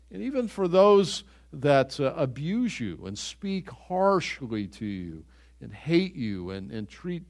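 A man's voice: medium pitch, darkish tone. An older man preaching a sermon to his church in an earnest, conversational way, often restarting his phrases. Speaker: pastor.

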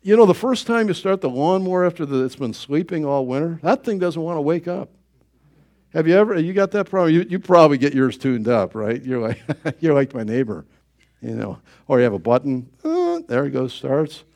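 A man's voice: on the high side, very animated, brisk, darkish tone. A middle-aged male pastor preaching a sermon in a folksy storytelling way, acting out his own thoughts in quoted asides.

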